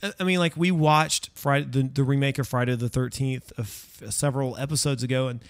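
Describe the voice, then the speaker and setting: A man's voice: medium pitch, steady tone, brisk, dry recording. A man hosting a casual horror-movie podcast, rambling and correcting himself as he searches for words. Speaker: podcast host. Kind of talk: casual film discussion.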